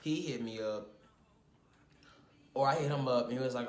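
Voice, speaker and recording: A young man from Houston, telling a heated story in casual vlog style, profane and animated, acting out what others said. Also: mid-range voice, moderate pace, long pauses. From Houston, Texas. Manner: animated, profane, quotes others in his own voice. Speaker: vlogger. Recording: echoey room with faint ambience.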